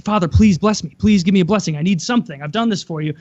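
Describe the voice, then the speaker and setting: A man's voice: high-pitched, very fast, a little mellow, no room sound, dull audio, natural voice. A man doing an outraged cheated brother. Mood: pleading. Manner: exasperated, swearing, pleading. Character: furious cheated young man, older brother.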